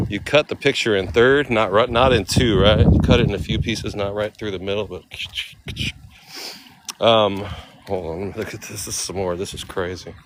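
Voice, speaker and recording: A man streams live from seaside cliffs, talking into a handheld phone in a loose, chatty way. He reads out viewer names one after another and thanks them. His voice sits fairly low, with faint outdoor ambience behind it. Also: noisy background. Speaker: livestreamer. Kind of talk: casual live-stream chat.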